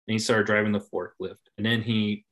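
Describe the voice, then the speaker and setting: A man in casual conversation, laid-back, swearing freely and trailing off softly at the ends of his phrases. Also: on the low side, little pitch movement, brisk. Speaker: podcast guest. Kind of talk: casual chat.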